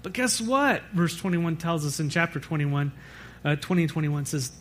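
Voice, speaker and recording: A man with a high-pitched voice delivers a church sermon as its pastor. He preaches conversationally, wandering with fillers and quick self-corrections. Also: expressive.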